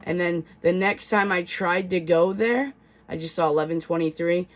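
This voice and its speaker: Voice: medium pitch, moderate pace, a little hiss or hum. Rambling, slangy tarot reader. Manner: rambling, filler-heavy storytelling with many restarts; casual, slangy talk with swearing. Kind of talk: casual tarot reading video.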